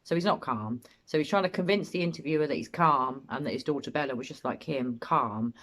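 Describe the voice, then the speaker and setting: A woman's voice: deep voice, brisk, a bit bright. A British woman giving opinionated, blunt analysis as host of a commentary video.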